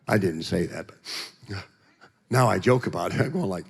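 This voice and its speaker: A man giving a testimony as a guest speaker in a church, telling it in an animated, joking way and acting out the voices. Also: mid-range voice, normal speed, vocal fry, breathy edge. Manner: animated, joking storyteller who acts out voices. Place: church sanctuary. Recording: long church hall reverb.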